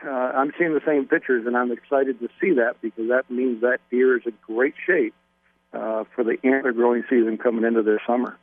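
A man who is a guest on a radio show, explaining deer at a measured pace with a folksy, casual manner and frequent ums. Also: medium pitch, fairly even intonation, no room sound. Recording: tinny phone line.

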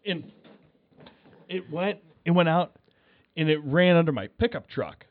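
Guy on a phone call rambling thru a story, kinda high voice, tinny and dry. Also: measured pace, no room sound. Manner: rambling, animated, acts out his own shouts while telling a story. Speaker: podcast guest. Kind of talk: casual storytelling chat.

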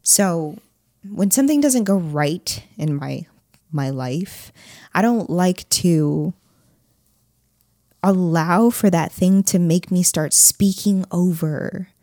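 A woman's voice: lowish voice, animated, slow, dark tone, no echo, clean studio sound. A young woman co-hosting a podcast, talking in an earnest, reflective and plainspoken way in casual chat. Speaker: podcast co-host.

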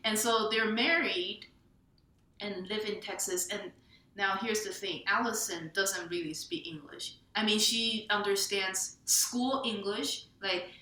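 Woman from Taiwan, bright echoey voice. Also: mid-range voice, a little slow. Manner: animated, laughing, tags lines with "right?". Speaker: memoir author, guest. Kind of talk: storytelling in an interview.

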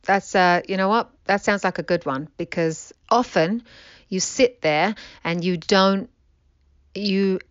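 A woman's voice: mid-range voice, a little slow, dry recording. A woman co-hosting a show, a mother chatting earnestly about stress and tapping. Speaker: podcast co-host. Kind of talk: casual chat. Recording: dull lo-fi line.

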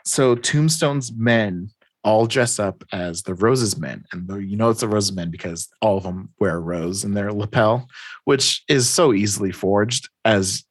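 A low-voiced man recapping a story. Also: a little slow, slightly rough, no echo. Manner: rambling storytelling with voiced quotes. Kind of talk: casual comic recap.

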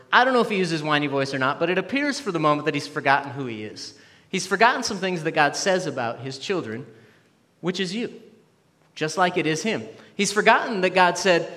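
A man preaches to his church congregation, reading scripture aloud and drawing a lesson from it. His voice sits a little higher than most men's. He stays earnest, with small humorous asides to the room. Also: a bit bright, big-room sound. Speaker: pastor. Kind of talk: sermon.

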